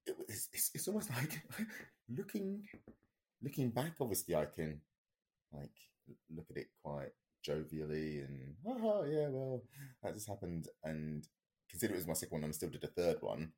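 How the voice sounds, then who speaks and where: A man's voice: very deep voice, very animated, moderate pace, darkish tone. A man, a podcast co-host, telling a story in a rambling, casual way with many fillers and restarts.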